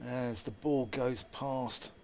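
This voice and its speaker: A man's voice: mid-range voice, slow, vocal fry. A man giving live ball-by-ball radio commentary on a cricket match. He calls the play and lifts his voice when a big shot comes. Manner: lively play-by-play, rising with big shots.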